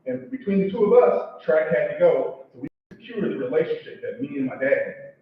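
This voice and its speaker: A man's voice: a little high, very animated, a little fast. A man, a son, giving a heartfelt, conversational eulogy with joking asides. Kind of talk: emotional eulogy speech. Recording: echoey, distant, dull sound with faint background noise.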